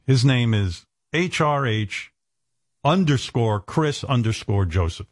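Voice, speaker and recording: A middle-aged radio host talking candidly, blunt and profane, self-deprecating. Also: male voice, mid-range voice, animated, slow pace, no echo, studio quality. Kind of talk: candid on-air talk.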